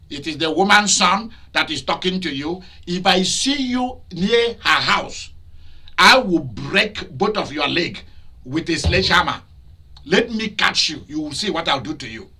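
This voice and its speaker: A man preaching a sermon as pastor, shifting between loud shouted outbursts and quieter storytelling, with laughs between points. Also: high voice. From Nigeria.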